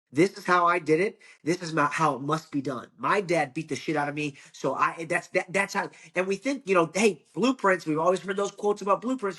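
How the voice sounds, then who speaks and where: A young man from Ohio speaks as a podcast guest in an easy, conversational way. His voice sits a little high for a man. He talks in earnest, restarting phrases and dropping the odd curse word as he makes his points. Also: a bit bright, breathy edge. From Ohio, United States. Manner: earnest, fast-flowing, repeats words and swears. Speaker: wrestling coach and guest.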